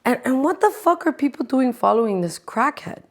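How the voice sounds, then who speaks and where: A woman's voice: sits high, sing-song, normal speed. A woman in her forties hosting a podcast, ranting casually with lots of swearing and sarcasm. She talks straight to her listeners and often drops into stage whispers. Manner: profane and exasperated, dropping into stage whispers; sarcastic, addresses the audience directly. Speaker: podcast host.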